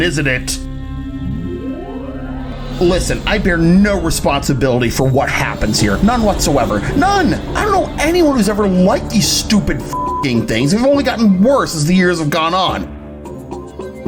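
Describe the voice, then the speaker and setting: Man doing a loudmouth quiz host from boston, cusses a lot, bouncy pitch, music going behind him. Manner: blustering, swearing, quick to take offense. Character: brash, foul-mouthed adult male quiz game host. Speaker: game show host.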